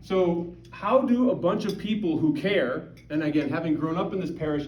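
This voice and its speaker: A man's voice: fairly high pitch, normal speed. Emphatic man speaking in a roomy hall. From Montana, USA. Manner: conversational and emphatic, with many rhetorical questions. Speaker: guest speaker at a parish. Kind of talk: public talk to a church audience. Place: parish hall or church. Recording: dull, roomy, distant hall recording.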